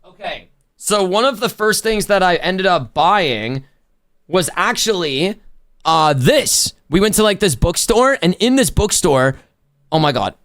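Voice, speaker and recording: A young man live-streaming a haul and unboxing, chatting excitedly with his viewers. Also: high-pitched, measured pace. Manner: excitable, talks to chat.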